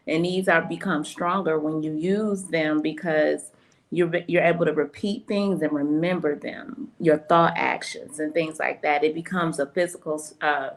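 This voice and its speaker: Low-voiced woman radio co-host. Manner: chatty, loose, many fillers. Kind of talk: casual radio chat.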